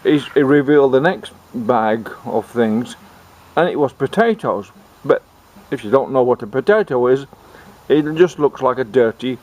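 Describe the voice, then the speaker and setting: A man telling a comic tall tale in a rambling, halting way, often restarting his sentences. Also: medium pitch, a little mellow. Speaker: storyteller. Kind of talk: comic folk storytelling.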